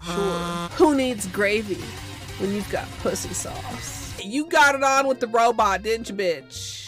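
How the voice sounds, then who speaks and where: A woman's voice: mid-range voice, slow pace, soft background music. A young adult woman chatting casually on a livestream, joking crudely and exclaiming often. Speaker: nail art streamer.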